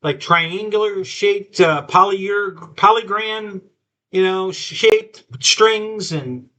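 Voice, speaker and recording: Chatty high-voiced man telling a story. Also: slow, bright, forceful tone. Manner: rambling storyteller, many restarts, quotes himself and others. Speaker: host. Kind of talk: casual live-stream chat.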